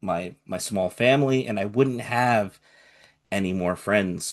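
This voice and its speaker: A young man speaking earnestly and emotionally in a live group chat, his voice softening as he shares something personal. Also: lowish voice. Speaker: community organizer of a fan group.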